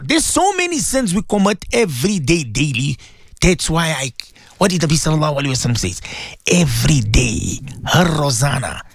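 Radio preacher, male, high voice that swings widely, emphatic and repetitive, dry close sound. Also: gravelly, slightly rough, dry recording. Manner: emphatic, repetitive, quizzing listeners. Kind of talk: radio religious talk.

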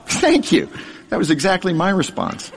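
A man's voice: high-pitched, very animated, normal speed, long reverb tail, slight background noise. A middle-aged man telling his childhood story to an audience in a humorous, self-deprecating way, laughing as he goes. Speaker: speaker sharing his life story.

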